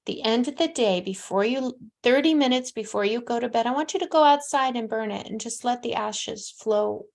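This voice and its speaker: Host, woman in her sixties, slightly high pitch, emphatic and heartfelt, dips into hushed soft passages. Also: moderate pace, creaky, few pauses. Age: 60s. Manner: emphatic, heartfelt, drops to soft near-whispers. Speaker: psychic medium host. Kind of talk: casual call-in advice talk.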